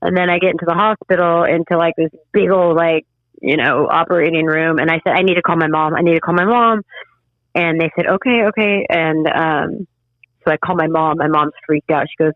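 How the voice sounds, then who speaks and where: Woman, podcast guest, emotional halting storytelling, tinny phone-line sound, dry. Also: sits low, dry recording. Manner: halting, emotional, frequent restarts. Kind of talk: personal storytelling in an interview.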